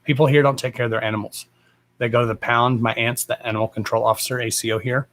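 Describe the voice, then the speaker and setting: A man's voice: mid-range voice, flat delivery, quick pace, a bit bright, no echo. A man hosting a livestream, talking in a blunt, rambling way and swearing freely. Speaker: psychic medium livestream host. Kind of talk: casual rambling live chat.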